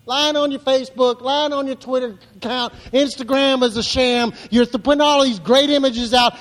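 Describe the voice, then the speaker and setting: A man's voice: very high voice, steady tone, normal speed, few pauses, big-room sound. A male pastor preaching a sermon in church, building to emphatic repeated lines.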